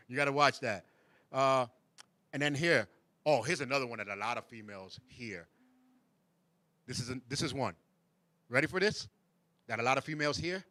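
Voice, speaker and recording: Male host, casual banter, animated with mock voices, dry room. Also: mid-range voice, normal speed, pauses often, no room sound. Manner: animated, mocks backhanded compliments in sing-song voices, laughs often. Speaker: show host. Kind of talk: casual chat.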